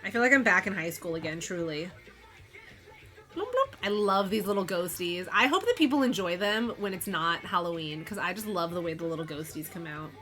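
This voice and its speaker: A woman's voice: on the low side, brisk, few pauses, pushed and bright. A woman from Missouri with a Valley Girl inflection, chatting casually and rambling while she crochets on a live stream. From Missouri, USA. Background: faint background music.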